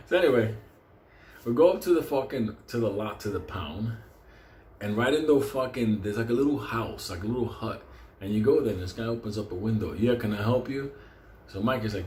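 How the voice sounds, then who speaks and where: Middle-aged NY male raconteur, profane and giggly, mid-pitch, roomy echo. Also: moderate pace, pauses often, darkish tone, slight background noise. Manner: profane, laughing often mid-sentence. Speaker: storyteller. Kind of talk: casual anecdote. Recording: roomy echo with faint ambience.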